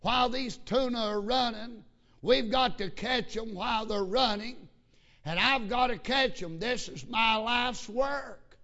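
A preacher voicing an old fisherman grandfather who speaks softly and plainly in a sermon story. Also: extremely high pitch, a little slow, full character voice. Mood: calm, reassuring. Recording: lo-fi sermon recording.

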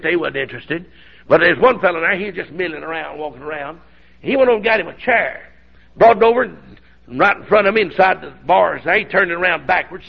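An older preacher tells a sermon story in a folksy, animated way that breaks into sudden shouts. His voice sits high and sounds husky and gravelly. The recording is dull and lo-fi.

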